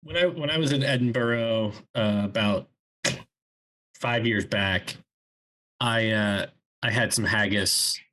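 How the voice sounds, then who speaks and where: A man co-hosting a casual podcast chat, rambling and halting, with a lot of restarts and fillers. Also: lowish voice, sharp tone, poor audio. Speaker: podcast co-host.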